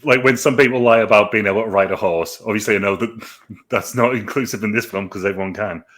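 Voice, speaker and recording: Guy, low-ish voice, casual film chat, swears offhand. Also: fast, fairly bright tone. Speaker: movie review host.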